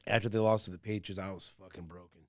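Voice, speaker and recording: A man's voice: low voice, fairly even intonation, quick pace, no room sound, studio quality. A man co-hosting a podcast, telling stories casually and swearing a lot. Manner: swears constantly, storytelling. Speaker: radio show co-host.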